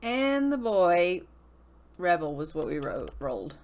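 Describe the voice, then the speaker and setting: A young woman casually commenting on her gameplay in a chatty way, speaking her characters' thoughts in quick asides. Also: lowish voice, very animated, a little mellow. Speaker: gaming video host.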